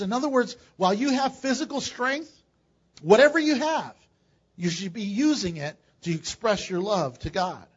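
Older guy preaching in church, husky high voice, jokes around and gets loud, kinda muffled lo-fi sound. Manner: animated preaching with jokes and sudden loud bursts. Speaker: pastor. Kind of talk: sermon.

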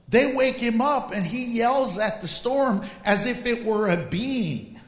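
Animated pastor preaching in an echoey hall. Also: male voice, sits high. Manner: lively, humorous, drawn-out emphatic reading. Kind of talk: sermon.

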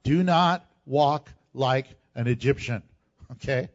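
A man pastor preaching a sermon, reading scripture aloud in an animated way. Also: medium pitch, slow, lo-fi sound.

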